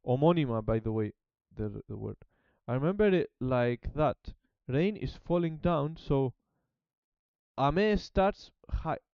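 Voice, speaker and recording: A man's voice: mid-range voice, lively intonation, normal speed, vocal fry, clear, resonant tone, no echo, highs cut off. A man with a Greek accent, a native Greek speaker, talking casually as he studies a language and thinks aloud with many restarts. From Greece. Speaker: language learner documenting his study. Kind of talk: casual self-study talk.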